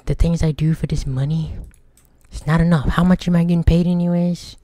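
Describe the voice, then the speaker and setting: A man's voice: a little high, level tone, normal speed, dark tone, no room sound. A young man giving casual let's-play commentary, joking and talking back to the game's characters. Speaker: gaming streamer.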